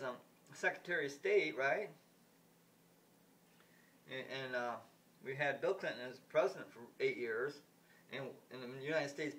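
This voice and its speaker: A man's voice: a little high, fairly bright tone. Man ranting, a bit far from the mic. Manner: repetitive, restarts sentences, blunt and indignant. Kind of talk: rambling political rant vlog. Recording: voice distant from the mic.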